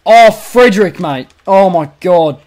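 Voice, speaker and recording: A young Australian man calling his own football video game, jumping from quiet muttering to loud cheering when goals go in. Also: high-pitched, lively intonation, measured pace. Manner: swings from muttered asides to shouted goal calls. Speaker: gaming commentator. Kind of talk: excited play-by-play over a football video game.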